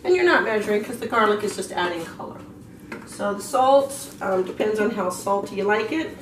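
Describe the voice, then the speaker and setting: A woman's voice: medium pitch, expressive, moderate pace. A woman who is half Australian gives a casual cooking demonstration in her home kitchen, talking through each step with many fillers. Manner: chatty, explains as she cooks, many fillers. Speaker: home cook. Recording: echoey room, distant mic, kitchen noise.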